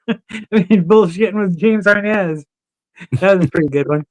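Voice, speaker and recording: Here the man's voice sits high and moves at a moderate pace, broken by long pauses, in a dry recording. As a guest on a podcast, he swaps casual stories full of profanity and laughter.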